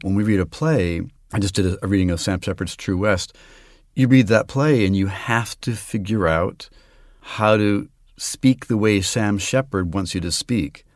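A man's voice: low voice, a little mellow, no echo, studio quality. A man who is an actor, talking in an interview in a reflective way about how he reads stories aloud. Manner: reflective, explains his craft with spoken examples. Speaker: actor and guest. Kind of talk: conversational interview.

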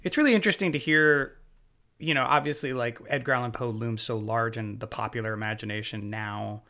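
A man in casual podcast chat, thinking aloud and circling back on his points. His voice sits at a middle pitch. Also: a little fast, sharp tone. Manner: reflective, thinking aloud with fillers. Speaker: podcast co-host.

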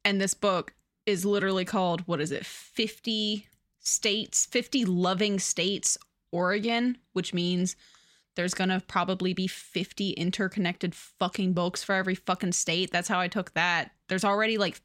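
A woman's voice: on the low side, fairly even intonation, moderate pace, fairly bright tone. Chatty, sweary woman podcast co-host. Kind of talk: casual chat about a book.

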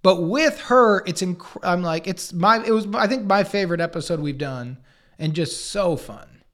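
A man in his forties, a podcast co-host, telling stories in casual chat and acting out other people's lines with lively swings. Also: high voice, normal speed. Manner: animated, acts out others' lines in quotes.

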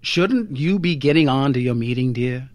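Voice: mid-range voice, animated, moderate pace, darkish tone, dry recording, natural voice. A narrator voicing a meek, nervous family man who speaks hesitantly and vaguely. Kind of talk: audiobook character voice.

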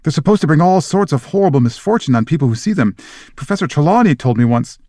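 A man's voice: fairly high pitch, expressive, fast talker, warm tone, no room sound, clean studio sound, pitched above the performer's own voice. A man voicing a frightened, superstitious teenage schoolgirl who speaks in an alarmed, pleading way. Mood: terrified.

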